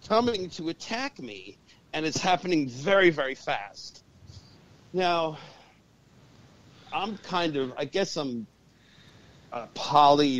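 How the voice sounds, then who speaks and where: A man telling a story as a podcast guest, animated and swearing freely. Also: mid-range voice. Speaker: guest, urban shaman and exorcist. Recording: dull lo-fi podcast audio.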